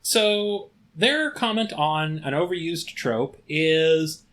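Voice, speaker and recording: A man's voice: on the high side, lively intonation, takes it slowly, fairly bright tone. A man co-hosting a comedy podcast, chatting casually and jokingly with frequent swearing. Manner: jokey, swears freely, slips into a gravelly put-on movie voice. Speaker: podcast co-host.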